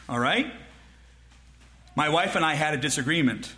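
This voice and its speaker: A man preaching a sermon as pastor, emphatic and direct, acting out quick mock exchanges with his congregation and repeating his points. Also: a little high, animated, pushed and bright, slight background noise. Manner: rhetorical questions and repeated phrases.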